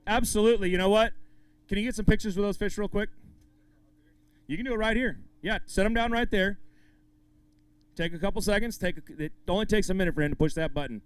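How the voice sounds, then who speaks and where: A man's voice: high voice, fast talker, long pauses, smooth, dry recording. A man emceeing a live fishing tournament weigh-in outdoors, hyping up the crowd and the anglers as he calls out weights. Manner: upbeat, hypes up the crowd and anglers.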